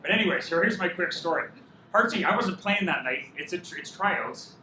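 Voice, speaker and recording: A man's voice: high voice, animated, fairly quick, crowd noise. A man, giving a best man's wedding speech and telling jokey stories that he laughs through, turning earnest when he praises his friend. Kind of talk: wedding toast storytelling. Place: reception hall with guests. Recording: roomy, distant, loud room noise.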